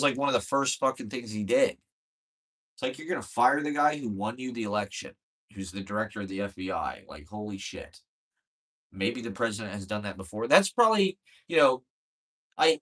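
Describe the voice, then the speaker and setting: Lowish-voiced guy ranting, swears a lot, rambles, exasperated. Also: fairly bright tone. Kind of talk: casual political rant.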